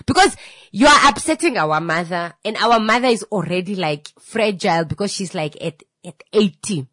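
Animated woman telling a story. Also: medium pitch, normal speed, dry recording. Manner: animated, repetitive, with filler words. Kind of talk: casual storytelling.

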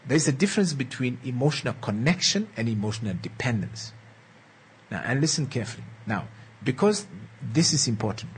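Husky guy giving a relationship talk, earnest and coaxing, voice swoops up and down a lot. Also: medium pitch. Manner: repeats key lines and checks in with "All right?" and "Eh?"; earnest, coaxing, slow and emphatic. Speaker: relationship speaker. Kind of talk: motivational talk to an audience.

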